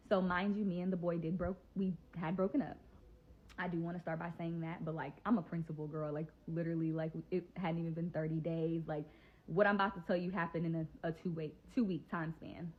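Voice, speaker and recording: Husky-voiced young woman telling a storytime. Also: fairly low pitch, fairly even intonation, a little fast, narrow, tinny audio. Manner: chatty, filler-heavy, addresses viewers directly. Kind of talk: casual storytime.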